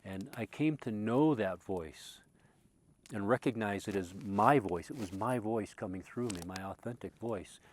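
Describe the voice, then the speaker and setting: A man telling a reflective personal story, earnest and emotional, moving from loud passionate recollection to quiet hushed tones and often repeating words as he restarts. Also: on the low side, a little slow. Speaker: spiritual speaker.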